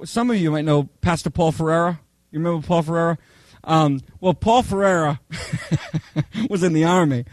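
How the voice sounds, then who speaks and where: A man preaching a Bible study, telling humorous personal stories in a chatty, animated way, often checking in with "okay?". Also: on the high side, no room sound. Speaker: pastor teaching a Bible study.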